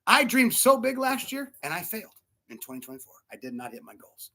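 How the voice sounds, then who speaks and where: A middle-aged man preaching a sermon as a pastor, animated and acting out the voices of people in his stories. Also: sits high, a little fast.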